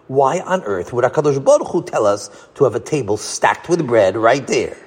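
A warm, patient rabbi leads his students with gentle teaching questions, as a man voices him. His voice is slightly husky and moves expressively through its range. The sound carries a long reverb. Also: mid-range voice, very animated, normal speed.

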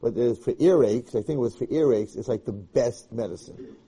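A man with a very dark, mellow voice and a husky edge, teaching as a rabbi. He speaks with passion and emphasis, often repeating himself and restarting his sentences as he drives each point home. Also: mid-range voice, a little fast. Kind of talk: Torah lecture.

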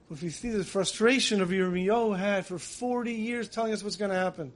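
A man giving a storytelling sermon, acting out quotes and dropping soft on emotional lines. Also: sits high, brisk, hardly any pauses. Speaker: rabbi giving a Tisha B'Av lecture.

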